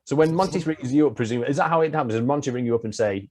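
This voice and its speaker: A man with a husky, slightly rough voice at a middle pitch hosts a casual interview. He asks his questions in a relaxed, chatty way. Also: very fast. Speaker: podcast host.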